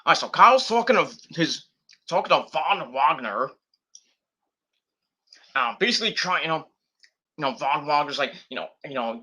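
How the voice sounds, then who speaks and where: A man's voice: fairly high pitch, expressive, normal speed, long pauses, pushed and bright. A man casually reviewing wrestling on a live stream, rambling and swearing, with lots of fillers and restarts.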